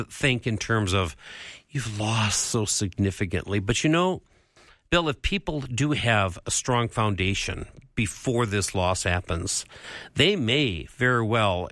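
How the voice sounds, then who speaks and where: A man's voice: lowish voice, fairly bright tone, no room sound. A man as a Christian counselor guest on a faith talk show, speaking in a straightforward, earnest way and stretching words for emphasis.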